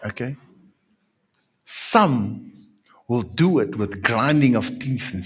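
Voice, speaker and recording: A man, preaching a sermon with emphatic, drawn-out repetitions that swing from quiet to loud. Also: medium pitch, expressive, husky. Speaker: pastor.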